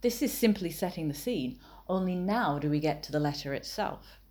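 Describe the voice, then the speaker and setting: A woman explaining copywriting in a measured, analytical way, with wry asides. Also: fairly low pitch, lively intonation, darkish tone. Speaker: copywriting teacher and author.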